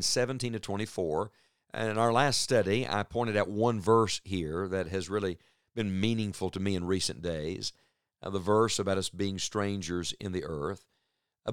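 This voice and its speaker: A man preaches a Bible study sermon in a low, smooth, resonant voice. He talks earnestly and at a measured pace, drawing out the words he wants to stress. The recording is dry and close, with no room sound. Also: no room sound.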